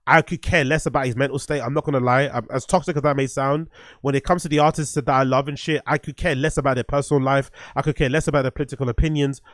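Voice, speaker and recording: A man's voice: mid-range voice, fairly even intonation, fast talker, no echo, clean studio sound. A man giving casual, profane livestream commentary as the host, blunt and rambling. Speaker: streamer host reviewing music.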